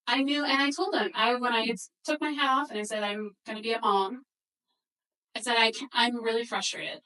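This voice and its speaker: A woman's voice: a little high, fairly quick, bright, forceful tone, far from the mic, poor audio. A woman presenting a workshop to a live audience, telling a story and acting out the quoted dialogue. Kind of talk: workshop talk with slides.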